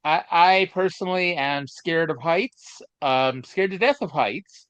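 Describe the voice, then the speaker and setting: A man's voice: on the high side, expressive, measured pace, a bit bright, smooth, dry recording. A man co-hosting a casual chat podcast, telling stories in a rambling, hesitant way with many fillers. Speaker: podcast co-host. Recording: dull lo-fi dry sound.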